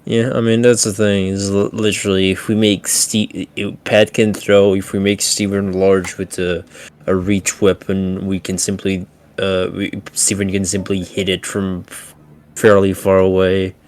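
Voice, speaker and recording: Man, tabletop player, very deep voice, stop-start casual talk. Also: little pitch movement, a little mellow. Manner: halting, restarts a lot, casual swearing. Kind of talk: casual chat at the game table.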